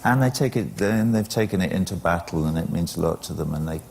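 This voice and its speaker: An older man, a musician appearing as a talk show guest, answering in a measured, thoughtful way with dry humor. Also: deep voice, animated, creaky, darkish tone, slight background noise. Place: television studio.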